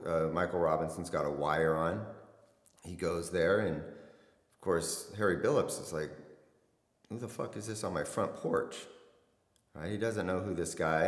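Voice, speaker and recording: A middle-aged man, a former detective, recounting a case in blunt, conversational interview talk. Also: low-pitched. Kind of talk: casual storytelling interview. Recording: echoey room with long reverb.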